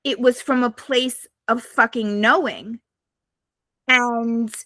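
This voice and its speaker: Blunt, profane woman with a bright voice. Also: on the high side, fairly even intonation, slow, no room sound. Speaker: podcast guest. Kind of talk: candid storytelling to a live audience. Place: live podcast recording.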